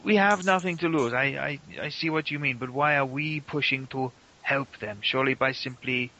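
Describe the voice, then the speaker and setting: A man's voice: mid-range voice, moderate pace, pushed and bright, poor audio. A man, playing a blunt, money-minded character in a tabletop role-play game. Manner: blunt, mercenary, questioning. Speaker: player.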